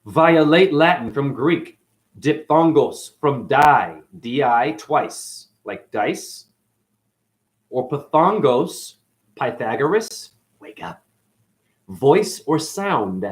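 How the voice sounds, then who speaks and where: Man rambling with lively swinging pitch. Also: takes it slowly. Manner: jumpy wordplay with sudden loud and soft swings, calls listeners honey. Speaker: channel host. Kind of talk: rambling esoteric monologue.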